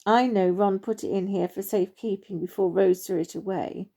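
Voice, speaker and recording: A woman's voice: mid-range voice, fairly even intonation, normal speed, dark tone, lightly acted. A woman doing eager young Timmy. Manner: eager, polite, apologetic. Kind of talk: storybook reading.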